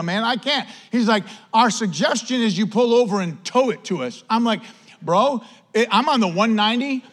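Preaching in a casual, animated way, this pastor tells a story-driven sermon, sprinkling "man" throughout his speech. He has a Western New York accent, and his voice sits on the high side for a man.

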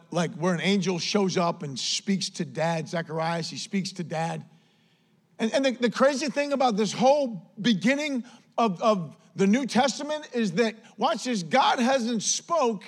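A man preaching a sermon as pastor, praying and then telling stories in a lively, conversational way. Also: high voice. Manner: animated, conversational preaching with storytelling. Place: church sanctuary.

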